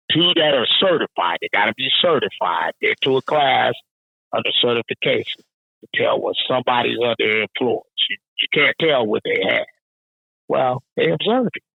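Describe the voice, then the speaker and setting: A man's voice: mid-range voice, creaky, slightly rough, no room sound, narrow, tinny audio. A man guest on a casual podcast, telling a profane work story and laughing along as he tells it. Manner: profane, animated, laughing at his own story.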